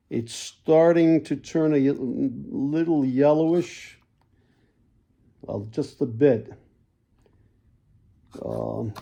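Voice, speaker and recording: Gravelly, dark-voiced man selling toy cars. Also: medium pitch. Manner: folksy salesman patter, repeats himself, frequent throat clearing. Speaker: toy car seller. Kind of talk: casual sales video.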